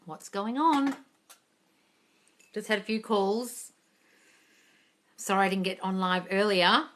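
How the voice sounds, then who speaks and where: A woman with a bright, forward voice hosts a casual live stream from her phone. She chats loosely, greets viewers warmly by name and swears without a second thought. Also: mid-range voice, slow pace. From England. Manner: chatty, swears freely, greets viewers excitedly. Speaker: manifesting coach.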